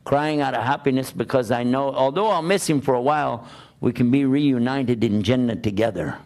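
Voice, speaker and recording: A man giving a religious talk to an audience, lively and questioning, often acting out the voices of the people he quotes. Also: medium pitch, moderate pace. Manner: animated, plays out quoted voices and asks rhetorical questions. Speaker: Islamic preacher.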